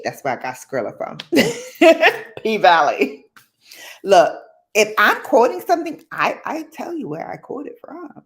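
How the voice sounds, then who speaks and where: A woman telling casual stories on a livestream. Her pitch swings widely as she laughs and acts out the people she quotes. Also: huge pitch swings, unhurried. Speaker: livestream host. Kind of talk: casual storytime chat.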